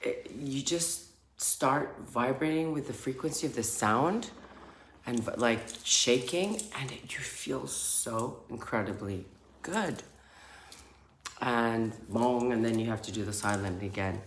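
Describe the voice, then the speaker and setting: Very low-voiced woman telling a story. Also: slow. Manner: animated, acts out sounds and laughter. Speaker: spiritual healer. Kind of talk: casual storytelling to camera. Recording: echoey room with faint noise.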